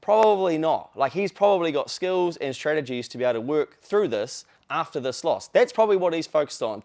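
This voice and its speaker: A man's voice: on the high side, brisk. Profane, blunt New man. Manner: blunt and profane, with animated quoted voices. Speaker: podcast host. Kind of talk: casual opinion rant.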